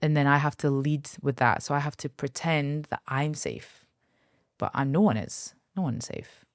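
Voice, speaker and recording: A woman's voice: sits low, normal speed, dry recording, studio quality. A woman, guest on a podcast, telling personal stories candidly and acting out the voices of others. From Kurdistan, north of Iraq. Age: 30s. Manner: candid, emotional storytelling with acted-out quotes. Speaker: guest, aesthetics doctor. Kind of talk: podcast interview.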